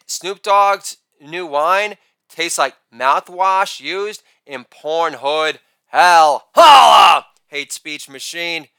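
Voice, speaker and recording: A man in his forties delivering a rapid-fire joke monologue, brash and crude, with loud shouted catchphrases. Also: high voice, smooth, no room sound. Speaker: comedian.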